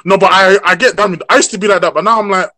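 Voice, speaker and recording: Man, high bright voice, relaxed podcast banter. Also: fast. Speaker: podcast co-host. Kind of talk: casual chat.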